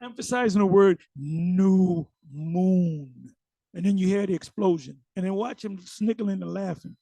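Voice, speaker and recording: A man's voice: sits high, a little slow, creaky, mellow, no echo. A man giving casual, emphatic commentary on a sermon video. He often repeats words and uses slang.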